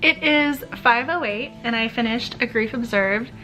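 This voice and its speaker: A chatty woman vlogging from home, talking in a high, bright voice. She gushes over her reading and checks in on the time as she goes. Soft music plays faintly behind her. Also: normal speed, low-quality recording. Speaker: book vlogger. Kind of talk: casual reading vlog diary.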